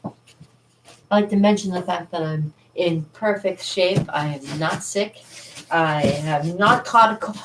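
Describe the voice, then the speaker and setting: Rambly woman showing off her paintings, lowish voice, kinda far from the mic in an echoey studio. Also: animated, slow, a little hiss or hum. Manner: chatty, rambling, laughs often. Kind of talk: casual studio vlog. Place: art studio indoors. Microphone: camera mic, moving around the room. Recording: roomy studio, voice from a distance.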